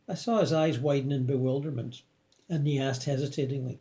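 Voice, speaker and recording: A man calmly reading a first-person afterlife story in a measured way. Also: medium pitch. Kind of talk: scripted first-person narration.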